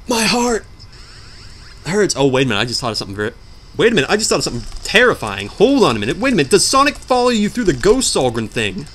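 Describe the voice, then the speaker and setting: This young man rattles off let's play commentary while gaming, rambling and joking with melodramatic outbursts. His fairly high, fairly bright voice swoops wildly in pitch at a rapid-fire clip. There's slight background noise.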